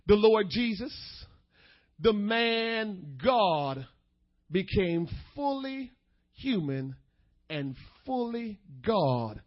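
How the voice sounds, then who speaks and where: A man preaching a sermon, shifting between quick asides, slow emphatic phrases and bursts of shouting. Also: high-pitched, highs cut off. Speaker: pastor.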